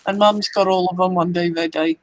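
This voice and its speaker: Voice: mid-range voice, fairly even intonation, a little fast, a little hiss or hum, low-quality recording. An adult in their forties with an Australian accent, making dry, wry remarks in a casual voice chat. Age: 40s.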